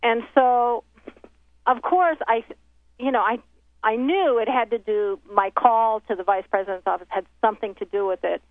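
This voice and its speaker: A woman's voice: on the high side, moderate pace. A woman recounting a professional story in casual conversation, acting out the voices of the people she quotes. The sound comes through a thin, tinny phone line. The recording is dry, with no room echo. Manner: animated retelling with many quoted exchanges and restarts. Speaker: documentary filmmaker telling her story.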